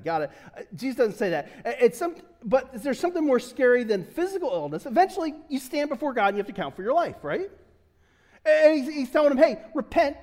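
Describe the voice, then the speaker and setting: A pastor with a high voice gives a relaxed, chatty sermon, joking with his congregation and laughing as he goes. He stumbles and restarts his sentences often. His voice rings with the long reverb of a church sanctuary. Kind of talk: casual sermon.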